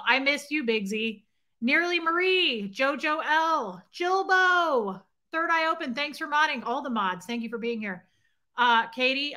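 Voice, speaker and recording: Bubbly woman in her late 30s doing a casual live chat, high bright voice, greeting everyone by name. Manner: bubbly, chatty, greets viewers by name with playful nicknames. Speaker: livestream host. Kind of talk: casual live chat reading viewer comments.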